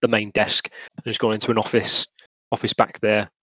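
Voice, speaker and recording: A man running a tabletop role-playing game as game master, narrating in a halting, laughing way. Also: fairly low pitch, completely flat delivery, sharp tone, slightly rough, dry recording, low-quality recording.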